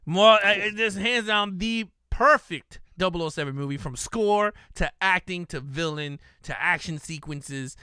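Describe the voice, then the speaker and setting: A man's voice: high voice, animated, unhurried, few pauses, bright, forceful tone, clear, resonant tone, no room sound, studio quality. A man co-hosting a live movie podcast, chatting casually and enthusiastically, often laughing. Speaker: podcast co-host.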